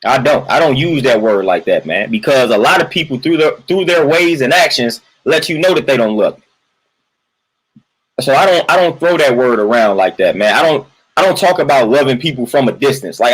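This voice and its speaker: Very animated and fairly quick, a man with a mid-range, slightly rough voice vents during a casual livestream, in a low-quality recording. As host, he drives his points home repeatedly, peppers his lines with "man," and greets viewers from the chat.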